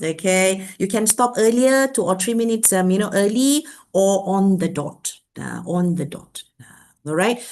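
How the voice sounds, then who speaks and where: A middle-aged woman with a Malaysian English accent, giving a workshop lecture in a lively way and filling her talk with "okay". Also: mid-range voice. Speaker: workshop speaker.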